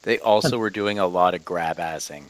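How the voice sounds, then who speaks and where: A man's voice: low voice, moderate pace, dry recording, poor audio. A man playing a tabletop game, tossing in dry teasing remarks. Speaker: player. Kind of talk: casual game chat.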